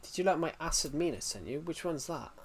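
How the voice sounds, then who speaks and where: A man's voice: on the high side, lively intonation, a little fast, a little hiss or hum. A man streaming live, chatting casually, reacting to chat and rambling through restarted sentences.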